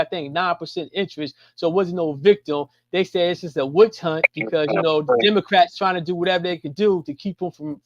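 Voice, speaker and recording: Male co-host, high voice, rambling slang-heavy chat, dull dry remote audio. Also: no room sound. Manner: rambling, restarts often, casual slang. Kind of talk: casual political chat. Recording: muffled lo-fi call audio.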